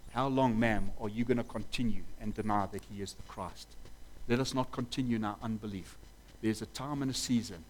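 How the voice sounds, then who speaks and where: A man's voice: mid-range voice, poor audio. A man preaching a sermon fervently, asking rhetorical questions and stressing his points.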